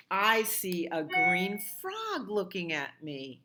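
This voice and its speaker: Lady librarian doing kids storytime, slow and singsongy, voice bouncing way up and down. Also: wildly swooping pitch, bright, forceful tone, slight background noise. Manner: slow, sing-song read-aloud voice, jumping high on the repeated calls. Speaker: children's librarian. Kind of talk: children's storytime reading and songs.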